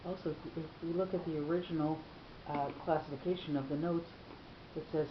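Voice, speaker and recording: A woman in a class, speaking softly and quickly as she reads a passage and adds her comment. Her voice is low for a woman. She sits off the mic in an echoey room, and the recording sounds dull and muffled. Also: fairly even intonation, slight background noise. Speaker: class participant. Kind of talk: reading aloud and commenting in class.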